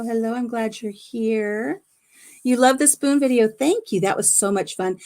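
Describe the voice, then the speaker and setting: A woman's voice: fairly high pitch, moderate pace, mellow. A middle-aged woman hosting a casual home livestream on her phone, chatty and laughing often as she retells conversations. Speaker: livestream host. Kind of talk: casual chat.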